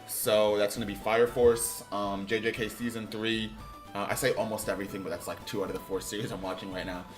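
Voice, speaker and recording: A man's voice: on the low side, fairly quick, faint music behind. Casual man musing over a game. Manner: musing, trails off, then bursts into loud excitement. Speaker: streamer.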